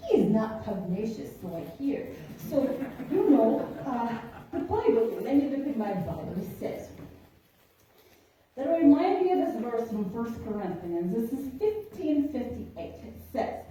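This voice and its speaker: A chatty older mother, as a woman puts her on, rambles to her chubby puppy in a singsong fake foreign accent. Her voice is mellow and swoops up and down a lot. It echoes heavily through a large church hall, caught from a distance. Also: mid-range voice, a little hiss or hum. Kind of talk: comic parody skit.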